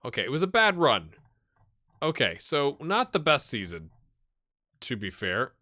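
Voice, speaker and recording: A man's voice: medium pitch, wildly swooping pitch, measured pace, pushed and bright, no room sound, clean studio sound. A man hosting a gaming channel, casually commenting on a management game, chatty and thinking aloud with rhetorical questions.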